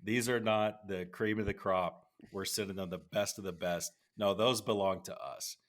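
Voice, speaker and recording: A man with a somewhat low voice, co-hosting a casual podcast. He talks loosely and conversationally, breaking into laughter between his points. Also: steady tone, moderate pace. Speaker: podcast co-host.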